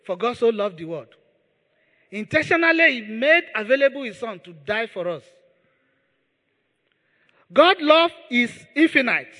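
A man's voice: very high-pitched, big pitch swings, unhurried, pauses often, pushed and bright, in a large hall. A man preaching a sermon as pastor. He speaks with emphasis, repeats key words and leads the congregation in prayer.

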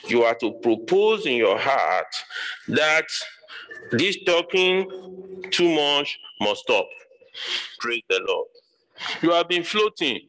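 A man's voice: medium pitch, bright, forceful tone, low-quality recording. A man preaching a sermon, emphatic and repetitive, drawing out his phrases. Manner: emphatic, repeats phrases, slow deliberate delivery.

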